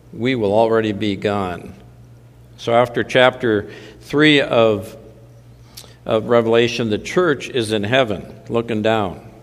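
Preaching man in a reverberant hall. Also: lowish voice. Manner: conversational preaching, mildly sardonic asides. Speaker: pastor. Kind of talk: sermon.

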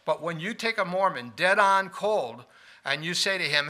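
A man preaching a sermon, swinging between loud stressed lines and quiet asides and asking his listeners questions. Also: sits high, lively intonation, moderate pace.

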